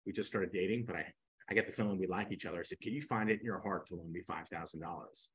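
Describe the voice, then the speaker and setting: A man in his sixties, a podcast guest, telling animated stories and acting out the dialogue. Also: low voice, fast, slightly rough, rough recording. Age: 60s. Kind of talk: storytelling in a podcast interview.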